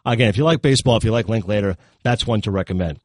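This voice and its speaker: A middle-aged man giving casual, animated film reviews on a talk show, full of quick asides and self-corrections. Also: on the low side, dry recording.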